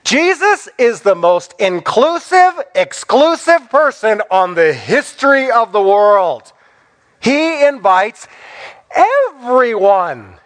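Lively high-voiced man preaching a sermon. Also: slow. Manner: rising to emphatic, repeated declarations. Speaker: pastor.

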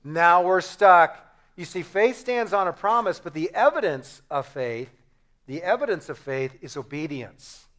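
A man preaching a sermon as a pastor, animated and rhetorical, acting out short dialogues. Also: fairly high pitch, normal speed.

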